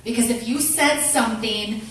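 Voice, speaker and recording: Animated woman speaking in an echoey room. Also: fairly high pitch, normal speed. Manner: animated, acts out quoted voices. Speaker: motivational speaker. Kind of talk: talk to a women's group. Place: meeting room with an audience. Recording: echoey room from far off, faint noise.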